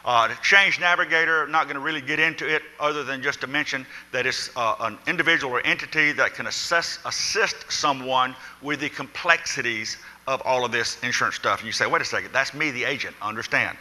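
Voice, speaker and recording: A man's voice: mid-range voice, fairly quick, hardly any pauses, bright, forceful tone. Folksy man lecturing in a big hall. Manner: folksy, addresses audience as folks, asks show of hands. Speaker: insurance seminar speaker. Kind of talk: live seminar presentation. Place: large conference hall. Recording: reverberant hall.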